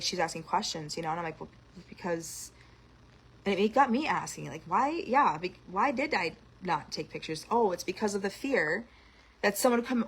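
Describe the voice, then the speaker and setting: A young woman ranting in an outspoken, animated monologue to camera. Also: medium pitch, creaky, breathy edge. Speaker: vlogger.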